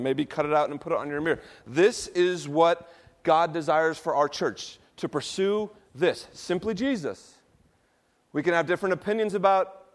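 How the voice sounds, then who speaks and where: A man preaching a sermon to his church, drawing the congregation into call-and-response and moving between soft, low passages and loud ones. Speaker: pastor.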